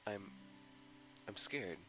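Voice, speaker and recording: A man's voice: fairly low pitch, lively intonation, extremely slow, poor audio. A man giving a dramatic first-person narration of a visual novel with an emotional, anguished delivery. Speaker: visual novel mod reader. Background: guitar music.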